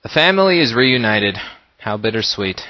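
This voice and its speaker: A man's voice: medium pitch, normal speed, muffled recording. A man giving casual, joking commentary over a video game, talking to his viewers. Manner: joking, lively, talks to the viewers. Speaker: let's play commentator.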